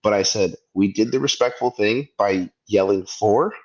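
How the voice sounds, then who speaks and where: A man in his thirties, his voice on the low side and his pace moderate, co-hosts a podcast. In casual chat he tells a story animatedly and voices the people he quotes, and the audio has its highs cut off.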